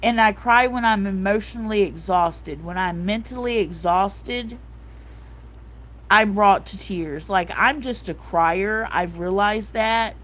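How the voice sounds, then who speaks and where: A woman's voice: mid-range voice, slow pace. A woman in her forties hosting a livestream, chatting casually and emotionally, often saying "like" and "um" and reading out comments from her live chat. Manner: soft-hearted, emotional, reads out chat comments; repeats herself, fillers like "like" and "um". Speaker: livestream host.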